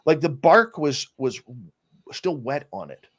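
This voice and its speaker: A man's voice: fairly high pitch, measured pace. Man telling a story in casual chat. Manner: animated storyteller with many restarts. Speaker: interview guest, radio host.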